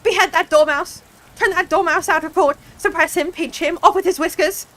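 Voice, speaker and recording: A woman voicing a furious, imperious storybook queen who shrieks her commands, in an ASMR storybook reading. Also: normal speed. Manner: shrill, commanding shouts.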